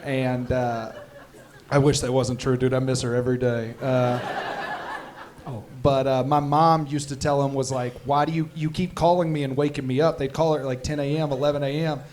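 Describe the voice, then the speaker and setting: A man's voice: mid-range voice, flat delivery, normal speed, noisy background. A man hosting a comedy Q&A, telling loose, jokey stories and laughing often in a casual chat. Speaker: comedy tour host, teacher.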